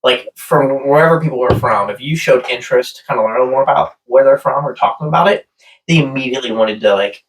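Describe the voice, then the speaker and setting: A man's voice: mid-range voice, quick pace. A man telling a rambling story in casual podcast chat, often laughing. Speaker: podcast co-host. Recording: voice a bit far from the mic.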